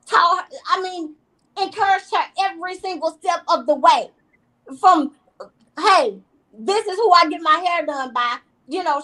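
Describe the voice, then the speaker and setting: Interview guest: high-pitched woman, animated, emphatic storyteller, talking over a video call. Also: rough recording. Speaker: reality TV guest. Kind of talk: casual interview chat.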